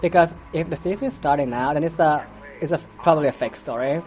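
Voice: mid-range voice, fast, a little mellow, faint music behind. Sarcastic, foul-mouthed podcast reviewer. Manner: sarcastic and profane; rambling with stammers and restarts. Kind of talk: casual commentary monologue.

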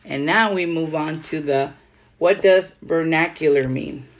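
Woman, podcast host, reads a writing guide aloud, casual asides, gets quieter as she comments. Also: sits low, measured pace. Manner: reads steadily, then adds loose conversational comments.

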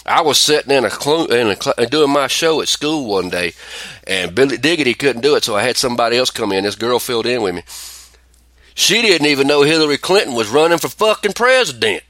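Animated, profane man ranting on a podcast. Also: mid-range voice, a little fast, dry recording. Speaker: podcast host. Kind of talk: casual chat.

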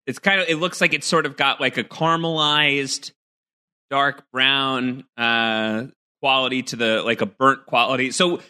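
Guy cohosting a podcast on a video call, super bright voice, chatty and rambly, lots of ums. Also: medium pitch, fairly even intonation, measured pace, clean tone. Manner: chatty, self-mocking, thinks aloud with many fillers. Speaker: podcast co-host. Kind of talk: casual chat, snack taste test.

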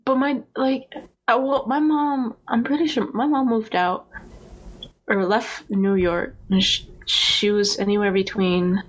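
A woman's voice: fairly high pitch, fairly even intonation, a little slow, low-quality recording. A woman in her twenties from Florida, co-hosting a podcast in a giggly, rambling way. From Orlando, Florida. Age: 20s. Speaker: podcast co-host. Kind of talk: casual chat.

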